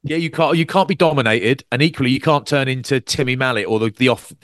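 A man co-hosts a rugby podcast, talking fast and casually as he tells stories and acts out quotes with big jumps in pitch. He's an animated storyteller who also works as a rugby commentator. The recording is clean studio sound with no room sound.

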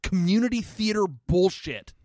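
A man co-hosting a podcast, telling a story in casual, profane chat with sudden loud outbursts. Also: sits high, animated, moderate pace, no room sound, clean studio sound. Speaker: podcast co-host. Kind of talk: casual comedic recap chat.

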